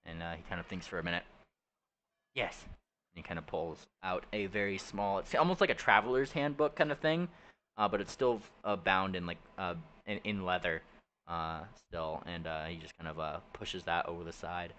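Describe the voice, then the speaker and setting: A young man narrates a tabletop game as game master in a fairly low voice. He rambles and restarts with frequent fillers. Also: fairly bright tone, a little hiss or hum. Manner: rambling, halting, laughs often.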